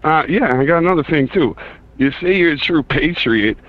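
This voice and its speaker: A man's voice: a little high, expressive, normal speed. A man from Chicago calling into a radio show and arguing back in a casual, blunt, slangy way. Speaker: caller. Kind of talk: argumentative call-in. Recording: tinny phone line.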